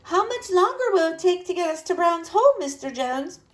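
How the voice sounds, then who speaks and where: A woman's voice: sits high, very animated, moderate pace, pitched above the performer's own voice. A woman voicing a proper, worried mother on a snowbound journey in a storybook. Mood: fretful.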